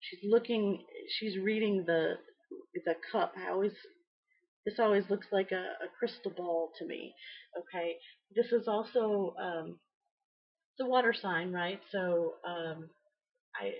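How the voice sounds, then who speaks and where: A woman's voice: mid-range voice, unhurried, breathy edge. A middle-aged woman giving a casual, rambling tarot reading, full of fillers and small laughs. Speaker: tarot reader. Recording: slightly dull lo-fi audio.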